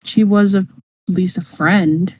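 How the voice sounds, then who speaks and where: A woman playing her character in a tabletop game, speaking softly and hesitantly. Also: medium pitch, fairly even intonation, a little slow, slightly rough, no echo. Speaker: player.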